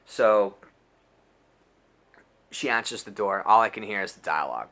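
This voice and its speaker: A man in his twenties telling a crude personal story, slangy and animated, full of dude and bro. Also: fairly low pitch, normal speed, pauses often. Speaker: storyteller vlogger. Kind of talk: casual storytime monologue.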